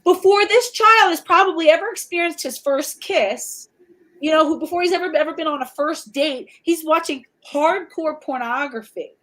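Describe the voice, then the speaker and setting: A middle-aged woman hosting a podcast, talking bluntly and profanely with animated storytelling. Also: high voice, normal speed, rough recording. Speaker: podcast host. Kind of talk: casual chat.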